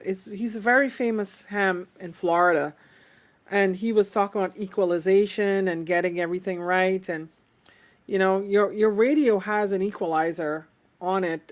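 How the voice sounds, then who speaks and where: A woman with an alto voice, hosting a casual chat and explaining things in a chatty way. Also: mid-range voice. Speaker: host.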